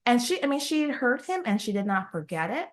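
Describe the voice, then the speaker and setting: A woman's voice: fairly high pitch, fairly quick. A woman co-hosting a podcast, recapping a romance novel in casual chat and acting out the characters' lines. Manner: animated retelling, acts out quoted lines. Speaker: podcast co-host.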